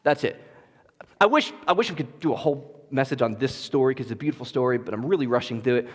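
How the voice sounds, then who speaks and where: A man's voice: medium pitch, animated, fast. A man, a pastor, preaching a sermon in an earnest, conversational way in a church sanctuary. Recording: long church reverb.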